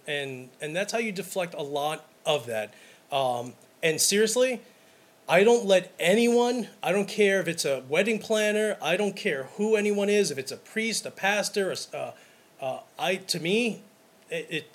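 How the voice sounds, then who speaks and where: A man with a fairly high voice talks casually, as if on a podcast, about his work shooting weddings. He tells stories emphatically, acts out the scenes, and often restarts his sentences. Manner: animated, emphatic storyteller who acts out scenes; talks in repeated false starts. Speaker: wedding photographer.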